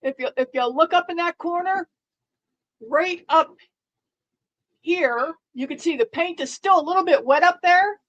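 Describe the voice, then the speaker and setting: A woman's voice: very high voice, unhurried, pauses often, a bit bright, muffled recording. A middle-aged woman streaming live, chatting casually in a dry, sarcastic, rambling way with frequent restarts.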